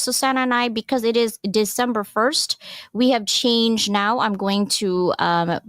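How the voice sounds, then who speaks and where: A woman's voice: on the high side, no room sound, studio quality. A woman giving a casual live presentation as a workshop presenter, chatty and encouraging, with frequent digressions.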